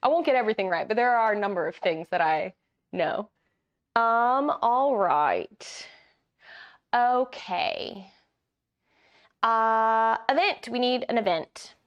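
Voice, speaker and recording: A woman's voice: fairly high pitch, lively intonation, takes it slowly, pauses often, highs cut off. Chatty woman streaming a board game. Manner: chatty, giggly, talks to chat. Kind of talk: casual live playthrough chat.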